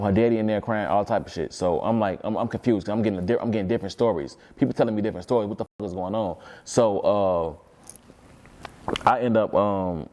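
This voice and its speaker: A man's voice: lowish voice, a little mellow. A man talking as an interview guest, telling a long story in a rambling, repetitive way and swearing freely.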